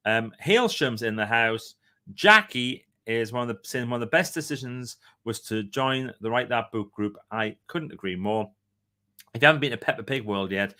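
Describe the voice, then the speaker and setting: A man's voice: mid-range voice, a bit bright. A middle-aged man hosting a casual livestream, reading viewer comments aloud in a chatty, playful way. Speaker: livestream host.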